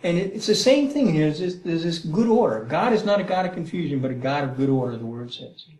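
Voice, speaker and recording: A middle-aged man teaching the Bible in a conversational way, animated and acting out prayers, often checking in with "Okay?" and "Right?". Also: on the high side, fast. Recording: roomy echo.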